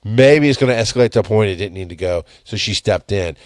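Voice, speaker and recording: A man's voice: fairly low pitch, quick pace, few pauses, darkish tone, dry recording, clean studio sound. A man in his thirties hosting a casual solo podcast, talking bluntly with lots of swearing and rambling self-corrections. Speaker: podcast host. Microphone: headphones and studio mic.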